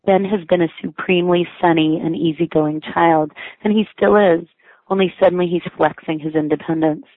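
A woman's voice: fairly low pitch, steady tone, moderate pace, dry recording. A woman reading her own personal essay aloud, in a wry, self-mocking, lightly amused way. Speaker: writer reading her own blog entry. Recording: dry, tinny phone-like sound.

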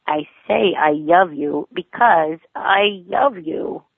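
A woman's voice: fairly low pitch, expressive, slow pace, gravelly, husky, no echo, heavily acted. A woman voicing a cranky, clingy four-year-old girl who whines, screeches and lisps in baby talk. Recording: tinny phone-like line, dry.

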